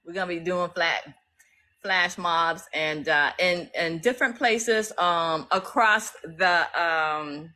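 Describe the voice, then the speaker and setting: Excitable woman live-streaming. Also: on the low side, slow. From US East Coast. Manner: emphatic, repetitive, excitable. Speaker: legal activist streaming live. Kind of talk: casual live-stream talk to viewers.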